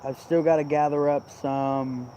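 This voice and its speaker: A man's voice: a little high, steady tone, a little slow, dark tone, a little hiss or hum. A man vlogging in a casual, rambling way, swearing freely and sounding irritated as he goes off on tangents. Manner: profane, rambling, irritated ranting.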